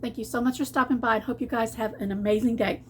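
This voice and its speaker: A woman's voice: fairly high pitch, fairly even intonation, fast talker, darkish tone, slight background noise. A woman, chatting folksily in her home kitchen for a cooking vlog. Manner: chatty, folksy, restarts often. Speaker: cooking vlogger.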